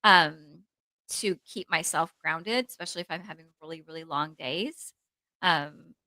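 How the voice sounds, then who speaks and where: A bright, forceful woman's voice in a casual podcast chat, rambling and animated, with plenty of "like" as she acts out her own inner voice. She speaks as a therapist, and the sound is close and dry, with no room in it. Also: low-pitched, unhurried, no room sound, low-quality recording. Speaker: therapist co-host.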